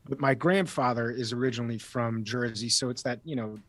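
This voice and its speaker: A man's voice: medium pitch, a little fast, a bit bright, no echo. A man from Miami with a slight East Coast accent, a guest telling stories in a casual interview, chatty and rambling with frequent restarts. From Miami, USA. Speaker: guest actor.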